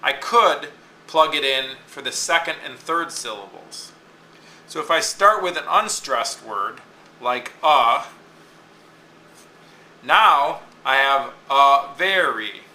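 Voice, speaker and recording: A man's voice: medium pitch, animated, slow pace, pauses often, pushed and bright, reverberant, slight background noise, poor audio. A man teaching a lesson, explaining step by step and often checking in with "okay?". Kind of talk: classroom lecture on poetic meter.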